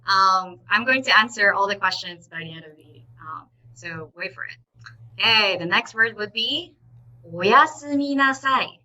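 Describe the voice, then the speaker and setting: A woman teaching a live online language lesson, saying each word slowly and repeating it clearly, with frequent encouraging "okay"s. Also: medium pitch, sharp tone, rough recording. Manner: instructive and encouraging, often says "okay".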